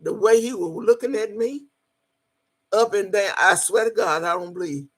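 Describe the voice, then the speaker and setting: A woman telling a personal story in a casual, animated way, swearing freely as she goes. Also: mid-range voice, moderate pace, breathy edge.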